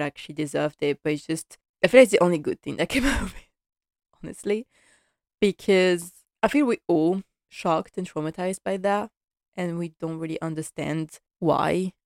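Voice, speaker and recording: A woman's voice: fairly low pitch, no room sound, studio quality. A woman giving a casual, impassioned and rambling recap of a TV episode.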